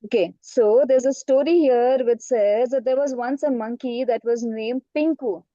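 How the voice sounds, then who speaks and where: A high-voiced woman teacher tells a children's story and keeps quizzing her listeners. Her tone is mellow, and the online call audio is dull and dry. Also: normal speed, dry recording. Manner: asks the class questions, frequent "right?" and "okay".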